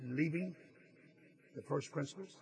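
A man's voice: fairly high pitch, a little slow, a little mellow, rough recording. A male preacher delivering a sermon as earnest storytelling, stressing key phrases and sometimes restarting his words. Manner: some stammered restarts.

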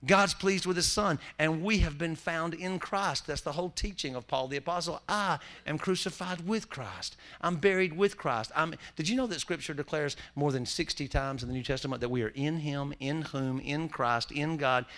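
A man's voice: fairly high pitch, normal speed, hardly any pauses. A man preaching a sermon in a church, folksy and full of jokes. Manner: folksy, joking preacher with lively swings in loudness. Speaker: pastor.

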